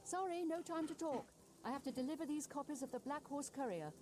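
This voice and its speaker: A woman voicing a hurried newspaper courier in a video game, brisk and businesslike. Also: high voice, a little mellow, slight background noise, natural voice.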